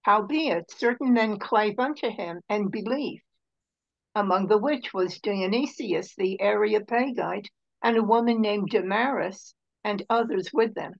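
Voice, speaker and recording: A woman reading scripture aloud in a steady, measured way. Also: medium pitch, gravelly, muffled recording. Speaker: scripture reader.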